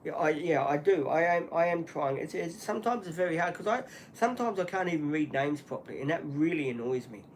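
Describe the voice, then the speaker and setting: A man hosting a solo livestream, talking earnestly and apologetically in halting speech with many restarts and fillers. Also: fairly high pitch, expressive, a little hiss or hum. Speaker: channel host.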